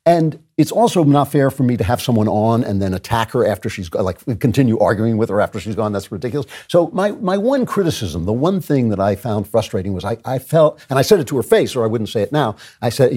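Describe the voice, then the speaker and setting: A man hosting his own show, delivering an earnest opinion monologue with personal asides and repeated phrases. His pitch rises sharply when he makes a point. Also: warm tone, husky. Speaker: show host.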